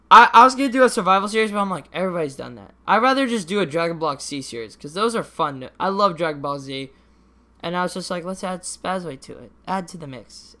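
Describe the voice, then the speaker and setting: A man's voice: sits high, pushed and bright. A teenage boy hosting his own podcast in casual solo chat, rambling with many restarts and casual swearing. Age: teens. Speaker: podcast host.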